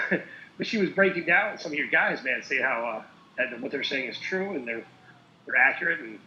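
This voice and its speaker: A man co-hosting a casual political talk show, animated and laughing often. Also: mid-range voice, normal speed, a little hiss or hum. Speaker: co-host. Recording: echoey lo-fi call audio.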